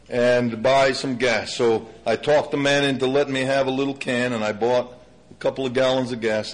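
An older man preaching a sermon, telling a personal story with animated delivery that drops low for emphasis. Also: poor audio.

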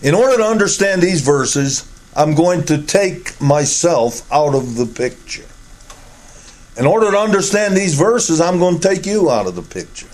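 A man's voice: very animated, normal speed, a little mellow. Emphatic middle-aged male preacher. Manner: emphatic, rising to high ringing stresses on key words. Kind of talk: sermon.

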